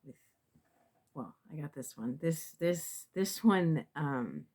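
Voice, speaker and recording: A woman, a tarot reader, talking casually to camera in a halting way with many fillers and restarts, sounding emotional and close to tears. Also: low-pitched, expressive, a little mellow, slightly rough.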